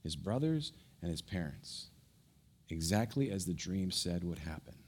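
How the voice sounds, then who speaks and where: A male pastor preaching a sermon, telling a story with animated energy, then dropping soft and low to press a point, with quick stumbles and restarts. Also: breathy edge.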